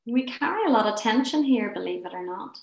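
A woman leading a guided laughter and relaxation session. She gives gentle, encouraging, soothing instructions. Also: on the high side, expressive, a little fast, vocal fry, roomy sound, muffled recording. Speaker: wellness session leader.

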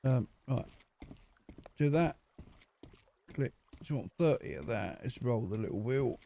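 This gaming host jokes and mutters to himself as he plays, giving chatty, casual let's-play commentary. The man's mid-range voice is expressive, creaky and mellow, delivered at a measured pace over a little hiss or hum.

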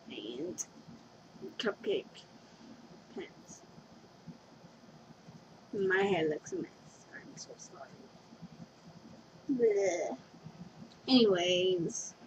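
Background noise fills this dull lo-fi webcam clip of a young woman's casual confession vlog at home. Her voice is medium-pitched, and she rambles in a giggly, scatterbrained way, often losing her train of thought.

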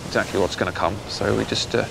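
A man's voice: lowish voice, steady tone, gravelly. Thoughtful English man, faint hiss. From England. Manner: thoughtful, measured, with pauses and fillers. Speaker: writer interviewed in a documentary. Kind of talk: reflective documentary interview. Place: outdoors on rural land.

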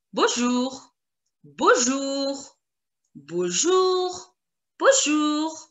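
A woman language instructor teaching an online lesson, repeating words slowly and clearly for learners. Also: a little high, bright, forceful tone. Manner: slow, drawn-out repetition of French words for learners.

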